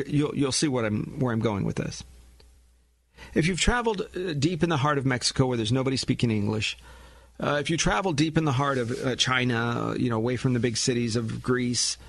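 Lively radio host telling stories. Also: male voice, a little high, no room sound. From Los Angeles, US. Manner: animated storytelling with chuckles and rhetorical questions. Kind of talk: talk radio monologue.

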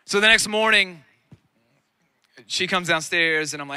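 A man in his thirties preaching a sermon on a lawn, energetic and conversational with self-deprecating humor. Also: fairly high pitch, moderate pace, pauses often, clean tone, dry recording. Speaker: pastor. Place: outdoor lawn gathering.

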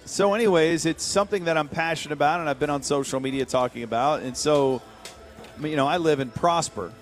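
A man, hosting a radio show, telling a story in lively casual banter and laughing often. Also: on the high side, a little fast.

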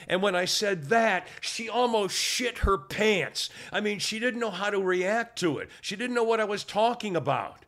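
A man's voice: high-pitched, animated, normal speed, few pauses, a bit bright. Rambling older man telling a story. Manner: rambling storyteller with many restarts, gets worked up. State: hard of hearing. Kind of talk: casual chat.

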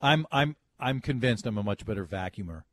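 A man's voice: lowish voice, animated, a little fast. A man hosting a radio talk show, bantering with co-hosts and taking callers. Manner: joking, takes callers.

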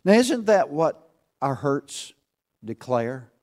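A man preaching a sermon to a congregation, swinging between loud calls and hushed asides and asking rhetorical questions. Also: fairly high pitch, very animated, slow pace.

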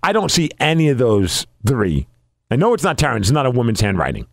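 A young man co-hosting a podcast, telling stories in a blunt, exasperated, animated way. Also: mid-range voice, brisk, creaky, no echo. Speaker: podcast co-host. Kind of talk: casual studio chat. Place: radio station studio.

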